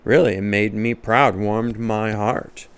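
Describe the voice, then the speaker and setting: A man's voice: fairly low pitch, steady tone, takes it slowly, clear, resonant tone. A man, a comedian, telling a comic story as a monologue and laughing often at his own jokes.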